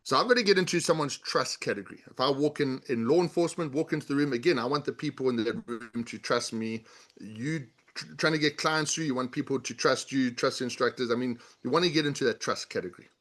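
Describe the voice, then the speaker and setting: A man's voice: medium pitch, fast talker, fairly bright tone. Man explaining body language, instructive. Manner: instructive, uses examples and demonstrations. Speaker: guest, body language author and leadership coach. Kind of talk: explanatory interview talk.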